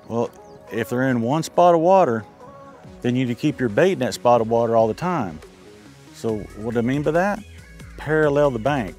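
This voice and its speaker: An older angler, speaking casually from a lake boat, walks through fishing tips step by step in an easygoing, folksy style. His medium-pitched, slightly mellow voice moves at a moderate pace with frequent pauses, and faint music plays behind him.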